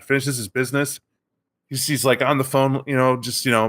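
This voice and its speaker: A man's voice: medium pitch, flat delivery, a little fast, fairly bright tone. A man co-hosting a podcast, telling a tabletop game story in a casual chat and acting out the characters. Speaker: podcast co-host.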